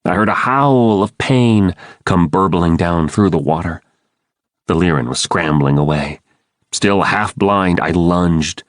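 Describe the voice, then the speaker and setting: A man's voice: deep voice, slow, dry recording. A man giving urgent, dramatic first-person audiobook narration into a close studio mic.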